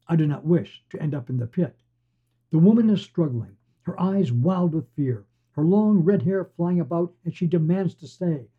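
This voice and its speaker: A man hosting a podcast and reading fiction aloud in a steady storytelling voice. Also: a little high, breathy edge. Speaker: podcast host and reader. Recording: dull lo-fi recording.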